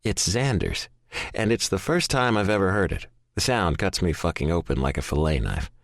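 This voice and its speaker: Male audiobook narrator: very deep, expressive, profane first-person romance read, dry studio sound. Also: moderate pace, no echo. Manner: profane, intense, emotionally charged.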